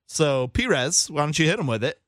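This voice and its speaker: A man's voice: fairly high pitch, sing-song, fairly quick, a bit bright, no echo, clean studio sound. A man hosting a casual podcast, laughing often and upbeat as he wraps up the episode. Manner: laughing, upbeat, wrapping up the show. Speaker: podcast host.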